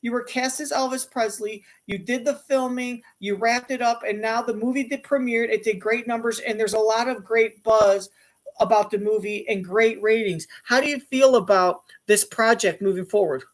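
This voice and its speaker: Give me a man voicing a chipper male interviewer, raised pitch. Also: fairly even intonation, normal speed.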